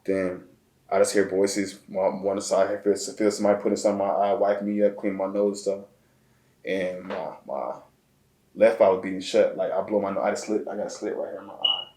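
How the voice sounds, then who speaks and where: A man from Chicago, a guest telling a personal story in a halting, emotional way, often repeating words. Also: low voice, steady tone, darkish tone. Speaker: interview guest. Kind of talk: casual storytelling. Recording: echoey room.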